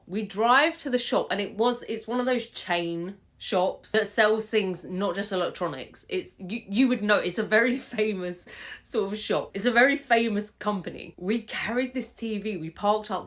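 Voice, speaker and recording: Young woman, chatty storytime, swears and laughs a lot, voice jumps around. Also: medium pitch. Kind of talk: casual storytime vlog. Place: home room with fairy lights.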